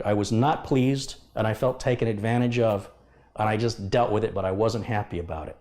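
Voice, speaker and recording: A man's voice: medium pitch, darkish tone. A middle-aged man who runs a computer repair business, talking straight to camera and venting his frustration about a customer. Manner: frustrated, venting, acts out past exchanges. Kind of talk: candid monologue to camera.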